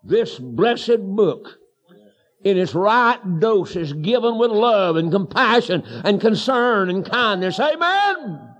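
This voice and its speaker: A man preaching a revival sermon in church, telling homespun stories that build to shouted declarations. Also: sits high, expressive, slow. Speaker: evangelist preacher. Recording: dull lo-fi sermon recording.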